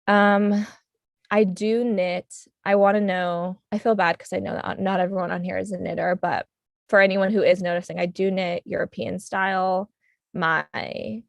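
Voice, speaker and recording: A woman's voice: lowish voice, vocal fry, no echo, clean studio sound. A young woman with a New England accent, hosting a casual livestream and chatting while she knits, rambling along with frequent ums. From United States. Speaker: livestream host. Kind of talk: casual chat while knitting.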